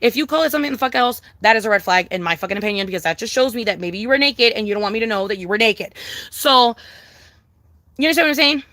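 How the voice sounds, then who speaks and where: A woman's voice: a little high, animated, quick pace, bright, forceful tone, no echo. A young woman chatting casually with her viewers on a livestream, profane, emphatic and sassy, repeating her points.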